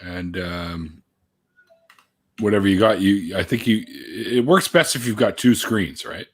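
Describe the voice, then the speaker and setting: A man's voice: deep voice, measured pace, husky. A man hosting a casual live stream, chatting and talking a guest through screen sharing. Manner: chatty, guiding guests through tech steps. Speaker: host.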